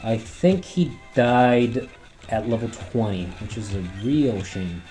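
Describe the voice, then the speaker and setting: A man commentating his gameplay run, rambling and swearing often, his throat worn from yelling at the screen. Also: medium pitch, lively intonation, takes it slowly, faint music behind. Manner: rambling, heavy swearing, talks back at the game. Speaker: let's play host.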